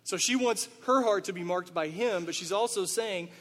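A man's voice: high voice, moderate pace, fairly bright tone, big-room sound. A man, a pastor, preaching a sermon in a conversational way, asking his listeners rhetorical questions.

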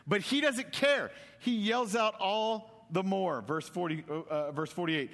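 In a big-sounding room, a man from Texas delivers an informal sermon in a high, unhurried voice. He spins lively stories and gives each character a comical voice of its own.

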